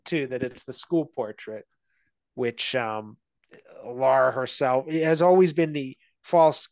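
A man's voice: medium pitch, no room sound. Thoughtful man in a dry room. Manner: thoughtful, rambling with restarts. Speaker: guest, film analyst. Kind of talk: casual conversation.

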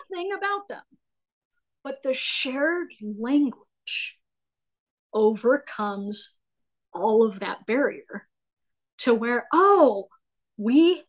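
A woman guest on a podcast, explaining business ideas in a casual, animated way, acting out little quotes and asking "right?" often. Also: fairly high pitch, rough recording. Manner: animated storytelling with acted-out quotes; folksy, says "right?" often. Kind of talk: conversational explaining.

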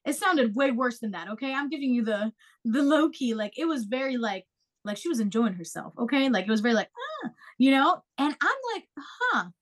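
A young woman with a high voice tells a story to her co-hosts in loose casual chat. She is animated and swears freely, jumping into voices for every quote. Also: a little fast.

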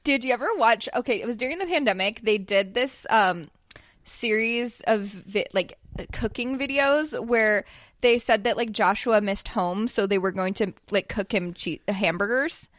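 Quick, enthusiastic woman co-host. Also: a little high, fairly bright tone, no room sound. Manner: quick, enthusiastic, steers the conversation. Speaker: podcast co-host. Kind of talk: casual chat.

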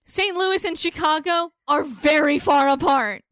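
A woman's voice: sits high, measured pace, a bit bright, no room sound. A woman co-hosting a podcast in casual chat, blunt and sarcastic with frequent swearing. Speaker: podcast co-host.

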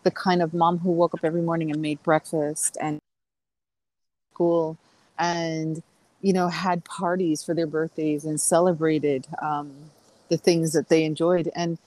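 A woman's voice: low-pitched, level tone, measured pace, a little mellow, dry recording, rough recording. A middle-aged woman chatting as a podcast guest, rambling through stories with fillers and restarts. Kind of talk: casual podcast conversation.

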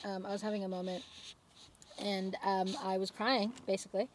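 A woman's voice: mid-range voice, flat delivery, normal speed, slight background noise. A young woman, co-hosting a casual podcast outdoors in her garden and telling chatty anecdotes with giggles. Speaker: podcast co-host. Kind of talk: casual chat.

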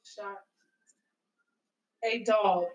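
A woman giving opinions in a casual chat in a halting way, often repeating herself. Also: medium pitch, fairly even intonation, far from the mic, poor audio. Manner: slow, halting, repeats words.

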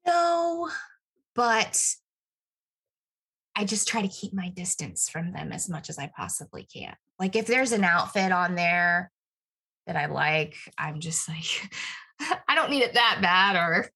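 A young woman in casual chat, bubbly and quick to laugh. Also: lowish voice, gravelly, pushed and bright, breathy edge.

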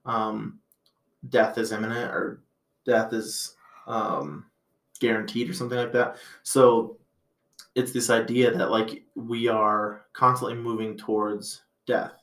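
A man's voice: lowish voice, fairly even intonation, slow, a bit bright. A man in his thirties hosting a casual podcast chat, reflective and rambling, with plenty of filler words. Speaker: podcast host. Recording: roomy echo.

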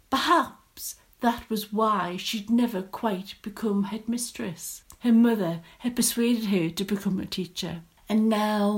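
A woman reading a story aloud in a measured, descriptive storytelling manner. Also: medium pitch, a little mellow.

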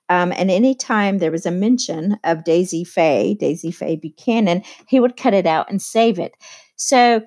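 A woman's voice: medium pitch, a little mellow. A woman teacher explaining a novel in a casual, conversational way, with many fillers and asides. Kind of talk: casual literature lesson.

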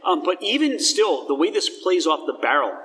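A man's voice: high voice, big pitch swings, normal speed, fairly bright tone, distant mic, slight background noise. A man hosting a casual tasting chat, talking enthusiastically and descriptively in a rambling way. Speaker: host. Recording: long hall reverb.

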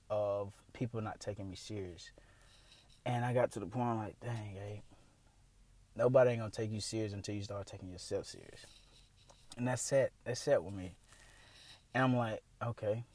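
A young man hosting his own podcast in a casual, candid monologue with features, swearing freely and getting louder and quicker when worked up. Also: fairly low pitch, dry recording. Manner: candid, profane, animated, speeding up and rising when worked up. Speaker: podcast host.

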